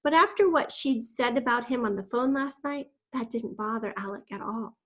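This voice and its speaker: A woman reading a children's novel aloud, expressive, voicing the characters' lines. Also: on the high side, normal speed. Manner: expressive, voices quoted lines. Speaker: reader.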